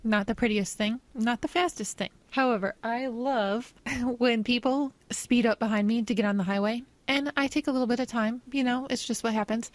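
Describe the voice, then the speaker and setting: A woman's voice: fairly high pitch, dry recording. Chatty woman host, dry close sound. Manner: chatty, amused storytelling. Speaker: podcast host. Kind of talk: casual interview chat.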